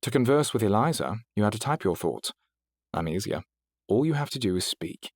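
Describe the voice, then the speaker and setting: Voicing a courteous, poised female AI companion in an audiobook, a man uses a British accent and precise, proper diction. His voice is on the low side though pitched above his natural one, with big pitch swings and a fairly quick pace, and the recording has no room sound.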